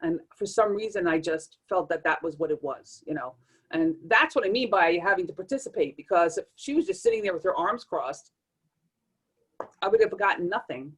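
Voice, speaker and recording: A woman's voice: fairly low pitch, slightly rough. A woman being interviewed as a tarot reader, explaining how readings work and acting out little exchanges as she goes. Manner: animated, acts out readings in quoted asides.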